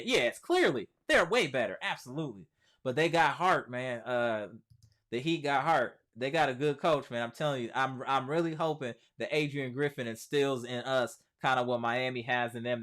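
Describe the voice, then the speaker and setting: A man's voice: mid-range voice, a bit bright. A man hosting a casual sports live stream, reading viewer comments aloud and answering them in a chatty, slangy way, repeating his points for emphasis. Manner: emphatic repetition, slangy speech. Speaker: sports channel host.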